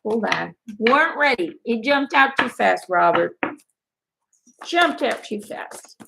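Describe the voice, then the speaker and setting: A woman's voice: on the high side, lively intonation, takes it slowly, creaky, background noise. A woman giving a live angel card reading in a casual, blunt way, swearing freely and laughing often.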